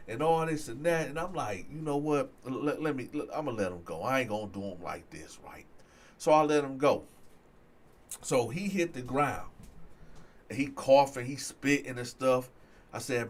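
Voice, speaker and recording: Animated man telling a street story. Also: fairly high pitch, unhurried. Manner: animated, acts out other people's voices in quotes. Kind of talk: casual storytelling.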